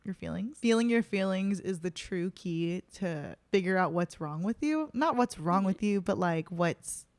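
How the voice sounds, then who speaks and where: A woman's voice: on the low side, expressive, a little slow, few pauses, a little mellow, no room sound. A young woman hosting a casual podcast chat, an upbeat, supportive listener who often answers with "mm-hmm" and "yeah". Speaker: podcast host.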